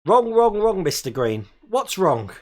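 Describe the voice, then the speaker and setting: A man's voice: high voice, sing-song, measured pace. A man in his forties from England, hosting a live stream and chatting casually while reading viewer comments, laughing often. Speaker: host.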